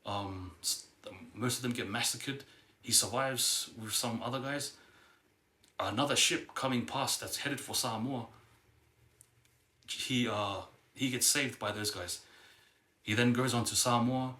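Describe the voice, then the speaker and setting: Rambling young man, bright echoey voice. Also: medium pitch, a little slow, long pauses. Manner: rambling, hesitant, full of fillers and restarts. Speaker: vlogger. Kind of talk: casual storytelling to camera. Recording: echoey room.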